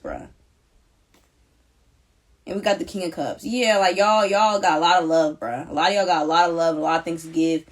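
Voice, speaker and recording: A woman's voice: sits low, steady tone, brisk. A young woman doing a live collective tarot reading, talking in an emphatic, slangy, repetitive and emotional way. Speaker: tarot reader.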